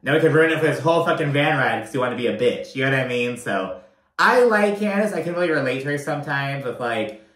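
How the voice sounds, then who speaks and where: A man talking in a mid-range voice through a gossipy recap. He is animated and profane, with constant "like"s. The sound is roomy and echoey. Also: mid-range voice, quick pace. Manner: animated, profane, lots of "like" and "you know what I mean". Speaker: reality TV recap host. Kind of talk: casual recap commentary. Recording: roomy echo.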